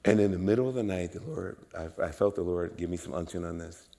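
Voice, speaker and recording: A man preaching a sermon in a church, emphatic and repetitive, swinging from low murmurs to loud exclamations. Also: fast, vocal fry, long reverb tail. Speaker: guest preacher. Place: church sanctuary.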